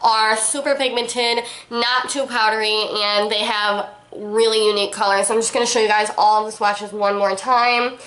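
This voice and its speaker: A woman's voice: on the high side, flat delivery, moderate pace, few pauses, a bit bright. Gushing young woman beauty vlogger. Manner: gushing, enthusiastic, chatty. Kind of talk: casual makeup review. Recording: echoey room.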